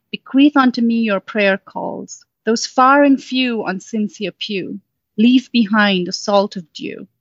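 High-spirited young boy trader, woman reader putting him on, dull sound. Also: no room sound. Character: excitable thirteen-year-old boy street trader.

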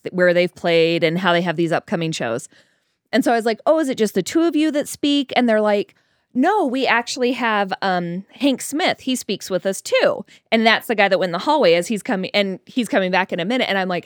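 A woman chatting casually and telling a story, acting out quoted dialogue in a higher voice. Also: animated, brisk, no echo, clean studio sound.

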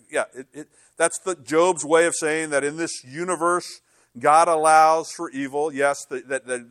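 An older man preaching a sermon as a pastor, telling stories with lively voice changes as he acts out inner dialogue. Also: fairly high pitch, no echo, studio quality.

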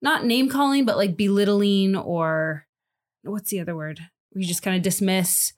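A woman co-hosting a faith podcast, chatting in an agreeable way and talking through her own views. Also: mid-range voice. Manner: agreeable, chatty, quick to laugh along. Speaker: podcast co-host. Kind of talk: conversational discussion.

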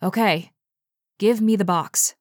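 A woman reading as a calm, decisive young woman. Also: medium pitch, takes it slowly, no echo, clean studio sound, natural voice. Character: calm, practical young woman taking charge.

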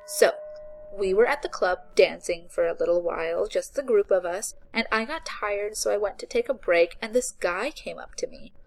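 A woman's voice: normal speed, gravelly, faint music behind, lightly acted. A woman voicing a bubbly, careless young female ghost in an audiobook, with a whiny, chirpy delivery. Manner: chirpy, whiny, high and loud. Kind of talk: audiobook character voice.

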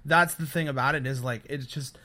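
A man's voice: medium pitch, fairly even intonation, fairly quick, sharp tone. A man co-hosting a casual podcast who rambles dismissively, padding his talk with "I mean, like". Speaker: podcast co-host.

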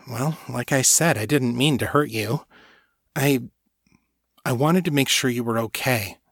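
A man voices a fumbling, apologetic young man dropped into a magical world with powers he barely understands. He stammers and restarts, sounding earnest and unsure of himself. The voice sits at a middle pitch, unhurried, and recorded dry with no room sound. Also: a bit bright, no room sound. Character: awkward young man with sudden godlike powers.

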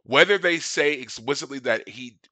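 A man co-hosting a casual podcast, animated and quick to act out film lines. His voice is bright and forward, recorded dry and close with no room sound. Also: mid-range voice, no echo. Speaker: podcast co-host. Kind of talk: casual fan discussion.

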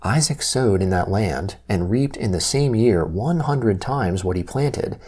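Husky, mellow man reading scripture. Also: lowish voice. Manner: measured, steady reading. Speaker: scripture reader.

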